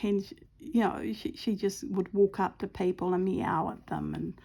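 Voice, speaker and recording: A middle-aged woman talks casually at home as she stitches, wandering through a long story with plenty of ums and pauses. Her voice carries a gravelly, creaky texture at a mid pitch. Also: warm tone. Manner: rambling, chatty storytelling with many ums. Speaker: craft vlogger. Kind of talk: casual chat while stitching.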